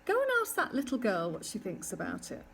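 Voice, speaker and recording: A woman voicing a gentle but firm mother barn owl, calm and motherly, in a storybook reading. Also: medium pitch, fairly quick, creaky, slight background noise, exaggerated voice. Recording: distant mic with faint ambience.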